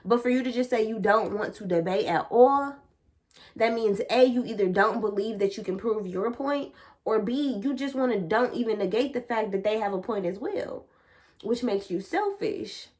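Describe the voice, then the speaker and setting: Young woman vlogging, casual spiritual talk, blunt and sweary, lots of slang, animated. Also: a little high, moderate pace. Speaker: vlogger and tarot reader. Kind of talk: casual spiritual chat to camera.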